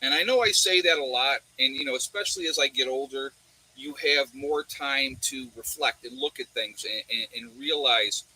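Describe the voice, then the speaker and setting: Male livestream host, very bright husky tone, rambling casual chat. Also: mid-range voice, moderate pace, rough recording. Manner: rambling storytelling with many fillers and restarts. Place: warm room indoors.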